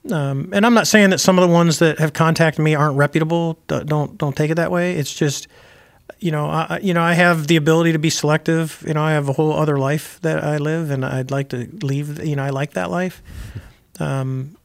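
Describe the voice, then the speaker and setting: Gravelly older man telling stories. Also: fairly high pitch, fairly even intonation, fairly quick. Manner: rambling, many restarts, chuckling asides. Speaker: guest, retired Navy pilot. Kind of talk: casual interview chat.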